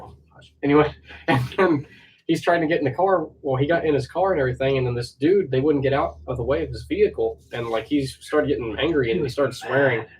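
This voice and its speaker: Animated man telling stories, mic far off. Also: mid-range voice. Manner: animated storyteller, laughs while retelling. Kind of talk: casual chat. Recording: distant mic with faint noise.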